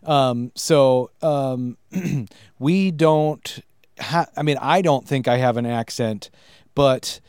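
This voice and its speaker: A man's voice: mid-range voice, takes it slowly, darkish tone, clear, resonant tone, no echo, studio quality. A man from Minnesota with a Minnesotan accent, hosting a casual podcast interview in an easygoing way, laughing often. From Minnesota, US Midwest. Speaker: podcast host.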